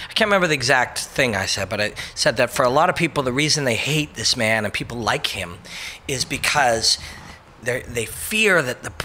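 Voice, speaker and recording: A man's voice: mid-range voice, bright, forceful tone, slight background noise. A man hosting a casual motivational monologue, rambling and emphatic, with frequent swearing and brief mocking voices for quotes. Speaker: host.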